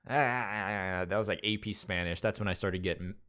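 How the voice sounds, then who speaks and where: A Las Vegas man hosts a live stream, his low voice pushed and bright at a normal speed. He chats casually with viewers, rambling, restarting sentences, and reading their messages aloud.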